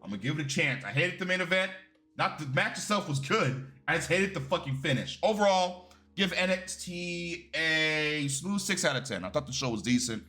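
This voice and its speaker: Bright-voiced, profane male wrestling reviewer. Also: fairly high pitch, moderate pace, faint music behind. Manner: profane, animated and opinionated. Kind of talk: casual video review.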